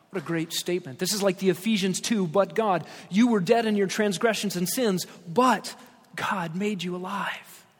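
High-voiced preaching man, echoing hall. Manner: emphatic, reads scripture aloud with rising stress. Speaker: pastor. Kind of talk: expository sermon.

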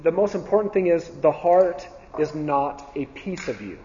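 A man's voice: a little high, animated, normal speed, mellow, slight background noise. A man teaching a Bible class in a church setting, earnest, repeating key phrases with frequent ums and restarts. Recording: dull sound with long reverb in a hall.

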